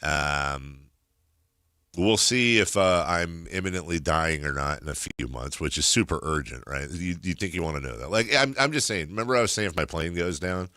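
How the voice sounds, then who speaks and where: Animated, lively-pitched talk radio man. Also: moderate pace, no echo, clean studio sound. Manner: rambling, animated storytelling. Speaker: sports radio host. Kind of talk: casual on-air banter. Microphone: studio microphone.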